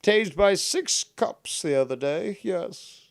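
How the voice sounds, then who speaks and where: A man's voice: sits high, expressive, takes it slowly, gravelly, dry recording, clean studio sound. A man hosting a casual call-in stream, sarcastic and mocking, swearing freely as he talks with callers. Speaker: stream host.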